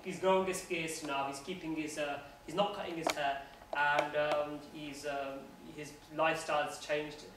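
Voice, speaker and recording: Earnest male guest speaker, fairly high voice, informal religious talk, distant mic in a boomy room. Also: flat delivery, moderate pace. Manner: earnest, conversational. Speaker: guest speaker at a university society. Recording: echoey room, voice from afar, faint noise.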